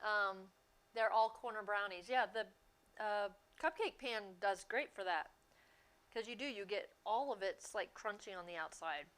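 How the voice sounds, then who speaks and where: A woman's voice: medium pitch, fairly bright tone, clean tone. A woman chatting casually and laughing easily as she bakes and talks to viewers on a livestream. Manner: chatty, easygoing, quick to laugh. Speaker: streamer. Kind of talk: casual chat while baking on a livestream.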